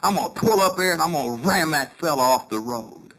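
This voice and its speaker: A man's voice: a little high, lively intonation, a little fast, fairly bright tone. Man doing a hot-headed older husband. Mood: angry. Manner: grumbling, stubborn.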